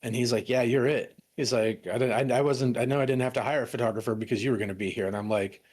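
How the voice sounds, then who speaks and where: A man's voice: mid-range voice, fairly even intonation, fast talker, darkish tone. A young adult man chatting casually on a stream, rambling through stories with many restarts and bursts of laughter. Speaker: stream co-host. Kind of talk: casual chat.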